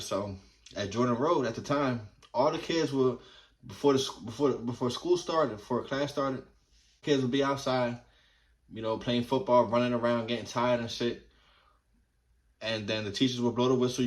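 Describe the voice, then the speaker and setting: Guy in his 30s, jersey-raised, chill cussing storyteller, mid pitch. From New Jersey, USA. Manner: laid-back, profane, rambling with fillers. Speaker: vlogger. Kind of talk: casual storytelling.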